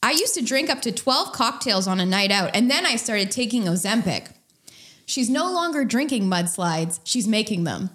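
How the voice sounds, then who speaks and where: A young woman co-hosting a podcast in casual chat, trading banter and quick punchlines. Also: fairly high pitch, big pitch swings, fairly bright tone. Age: young adult. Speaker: podcast co-host.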